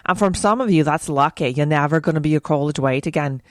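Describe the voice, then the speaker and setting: A woman's voice: low voice, fast talker, no room sound, studio quality. Woman in a put-on Irish accent. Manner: playful, heavy swearing. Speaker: podcast host. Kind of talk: casual monologue.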